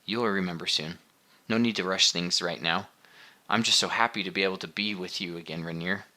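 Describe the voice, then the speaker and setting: A man reading the part of a gentle, tearful mother who speaks softly and patiently in an audiobook. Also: low voice, brisk. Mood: tender. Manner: soft, soothing, quiet.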